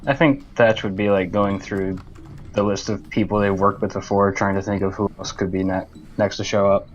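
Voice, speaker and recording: Tabletop player, very deep voice, calm, low-key. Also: moderate pace, dull audio. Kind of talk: playing a character at a tabletop game.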